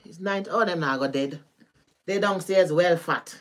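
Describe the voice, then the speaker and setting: A woman with a Caribbean patois accent talks to her live-stream audience in an easy, rambling way. Her voice sits a little low for a woman. She is animated and quick to laugh, and she swears freely as she chats. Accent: Caribbean, Jamaican-style patois. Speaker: tarot reader. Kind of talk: casual live-stream chat with viewers.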